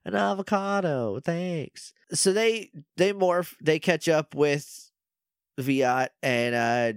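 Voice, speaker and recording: A young man co-hosting a podcast, chatting casually and acting out characters' lines in quick voices. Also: medium pitch, no echo, studio quality. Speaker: podcast co-host. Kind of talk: casual recap chat.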